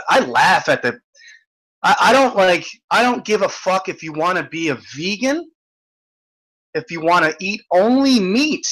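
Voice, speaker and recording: A man's voice: high voice, sharp tone, rough recording. A man hosting an online hangout, ranting in casual chat, swearing and restarting often. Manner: profane, ranting, stammering restarts. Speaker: host.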